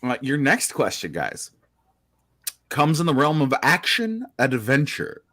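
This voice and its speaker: A man's voice: medium pitch, sing-song, unhurried, bright, forceful tone, dry recording, studio quality. A man co-hosting an online trivia quiz, reading questions and cracking jokes about movies. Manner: joking, does movie quotes. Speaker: trivia co-host. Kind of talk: quiz banter.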